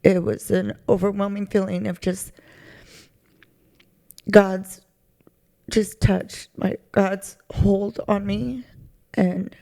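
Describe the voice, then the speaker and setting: A woman sharing a heartfelt personal testimony, halting and searching for words with many fillers, audibly emotional. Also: medium pitch, steady tone, gravelly, dark tone. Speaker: charity recipient sharing her testimony.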